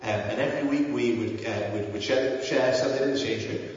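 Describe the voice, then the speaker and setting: A man's voice: medium pitch, a little fast. A man preaching a sermon in an earnest, conversational way, with frequent ums and restarts. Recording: roomy, echoey hall, mic at a distance, dull sound.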